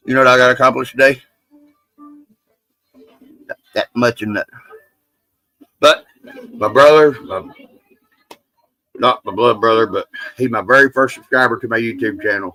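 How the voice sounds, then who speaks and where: A man's voice: medium pitch, moderate pace, pauses often, bright, forceful tone, no room sound, low-quality recording. A man hosting a casual livestream, rambling and teasing his friends with salty jokes. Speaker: livestream host.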